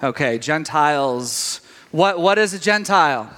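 A middle-aged man preaching a sermon, telling a story with animated quoted voices. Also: fairly high pitch, unhurried. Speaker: pastor. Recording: long reverb of a large hall.

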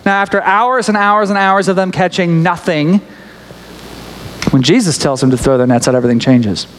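A man's voice: high voice, normal speed, a little hiss or hum. A man preaching a casual storytelling sermon, chatty and joking, with restarts and laughs. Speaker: pastor. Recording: echoey hall reverb.

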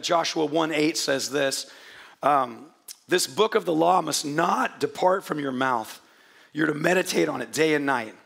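A man preaching a sermon to his congregation in a hoarse, gravelly voice, chatty and joking, often restarting his sentences. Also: a little high, a bit bright. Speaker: pastor. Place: church hall before a congregation.

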